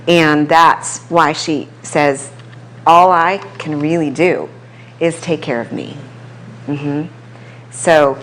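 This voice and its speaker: A woman personal trainer telling stories about her clients in a casual talk at an office, with quick asides. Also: sits low, slight background noise. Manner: conversational storytelling, quick asides. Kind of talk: casual talk to a small audience. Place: chiropractic office.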